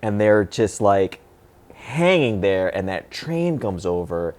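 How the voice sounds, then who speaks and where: A man's voice: on the low side, sing-song, takes it slowly, a little mellow. A middle-aged man co-hosting a casual movie talk show, who laughs often and acts out scenes as he talks. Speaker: co-host.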